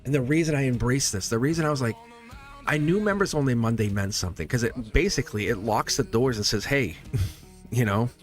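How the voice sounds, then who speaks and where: A man hosting a live tarot stream, chatting casually and laughing often as he talks straight to his viewers, with soft music behind him. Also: mid-range voice, fast talker. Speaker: tarot reader and channel host. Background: quiet background music.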